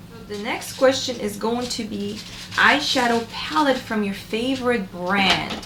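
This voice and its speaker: A woman's voice: medium pitch, roomy sound, background noise. A young adult woman chatting casually and enthusiastically to camera as a beauty vlogger, with lots of fillers. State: a little out of breath.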